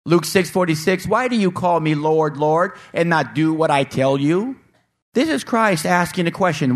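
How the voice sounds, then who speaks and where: A male pastor preaching a sermon in a church, asking the congregation rhetorical questions and slowing down to stress scripture. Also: a little high. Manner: slows down to stress scripture readings.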